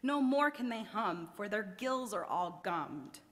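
A woman's voice: medium pitch, expressive, unhurried, a bit bright, long reverb tail. A woman voicing a small, grumpy male forest creature who scolds indignantly in a raised voice, read aloud from a storybook. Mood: grumbling.

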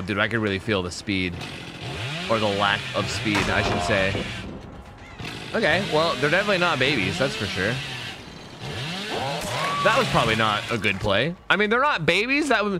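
A man's voice: mid-range voice, background noise. A young man with a joking manner, giving casual commentary over his own gameplay as a streamer. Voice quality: animated, joking, talks to players on screen. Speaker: gaming streamer.

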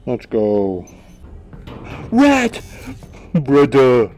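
A tired man giving goofy gameplay commentary into a VR headset, with excitable outbursts between quiet mutters. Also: mid-range voice, drawn-out words. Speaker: gamer.

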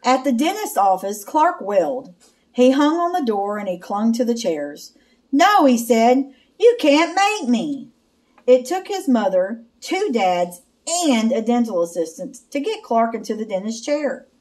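A woman slowly and expressively reading a children's picture book aloud. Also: on the high side, sing-song, a little mellow. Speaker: storyteller.

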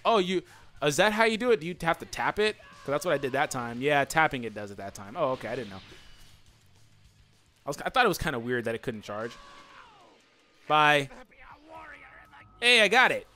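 A man doing let's play commentary, excitable and yelling taunts at his opponents over faint game music. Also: mid-range voice. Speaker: gaming channel host.

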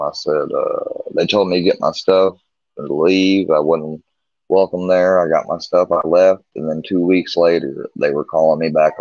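In an extremely low voice, a Missouri man casually recounts his marriage at length, restarting often and acting out the back-and-forth exchanges. The recording is dry, with the dull sound of lo-fi stream audio.

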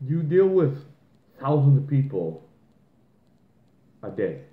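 A man's voice: mid-range voice, sing-song, slow, slight background noise. A man co-hosting a podcast, ranting in a heated, profane way and mocking the people he quotes. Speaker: podcast co-host. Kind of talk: ranting casual podcast talk. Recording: tinny phone-like line in an echoey room.

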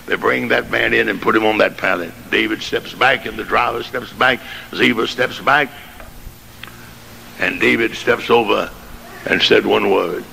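A man preaching a sermon, telling a story dramatically and rising to shouted climaxes. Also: on the low side, measured pace, creaky. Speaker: pastor. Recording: noisy old sermon tape.

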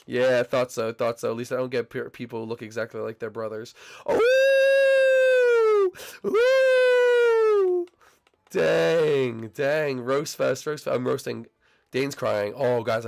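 A young gaming channel host with a medium-pitched voice casually comments on his gameplay. He banters with and teases his teammates, his voice still a little hoarse as it recovers.

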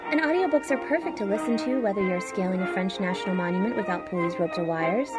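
Woman reading an ad over loud music. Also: medium pitch, animated, fast talker. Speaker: ad reader. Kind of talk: sponsor read.

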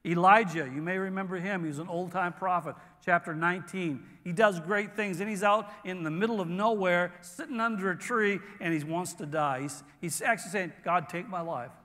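High, bright-voiced preaching man. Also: long reverb tail. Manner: earnest preaching with pauses and restarts. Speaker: pastor. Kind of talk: sermon. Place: church sanctuary.

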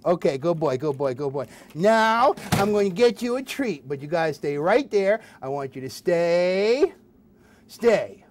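A man tells nursery rhymes as a children's puppeteer, sing-song and playful, chatting to his audience between verses. His voice sits high and moves a lot, at an unhurried pace. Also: animated. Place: hospital closed-circuit TV studio.

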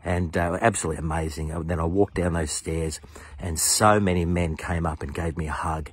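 A middle-aged pastor with a very low, husky voice tells his testimony with earnest enthusiasm. He brings other people's lines to life in his own voice. The sound is dry and close, with no room echo. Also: fairly even intonation, a little fast. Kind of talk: personal testimony storytelling.

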